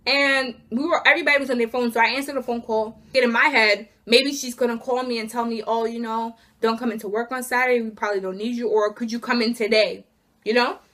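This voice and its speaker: A seventeen-year-old girl telling a storytime vlog about losing her job, in an animated, exasperated rant. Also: a little high, quick pace. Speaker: student vlogger.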